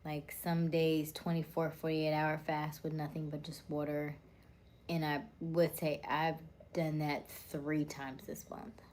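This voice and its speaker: Woman, live-stream host, low and calm, soothing and warm, slips into near whispers. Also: measured pace, a little hiss or hum. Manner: soft-spoken, often dropping to a near whisper. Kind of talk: casual live-stream chat reading viewer comments.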